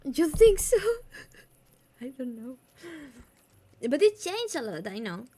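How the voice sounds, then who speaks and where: A woman with a Spanish accent, a native Spanish speaker who grew up in the south of Spain, chats casually with her stream audience. Her voice sits a little high and moves up and down a lot as she talks. She laughs often and slips back and forth between English and Spanish. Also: big pitch swings, takes it slowly, warm tone, husky. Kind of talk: casual chat.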